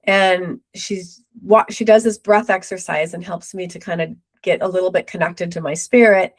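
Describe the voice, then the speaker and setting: A middle-aged woman, a podcast guest, telling a personal story with lively retold quotes. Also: fairly low pitch, moderate pace. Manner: animated retelling with acted quotes.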